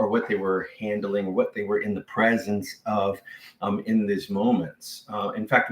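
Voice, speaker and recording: A man pastor preaching a sermon in a conversational way, full of fillers and restarts. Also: lowish voice. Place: church sanctuary. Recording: echoey church sanctuary.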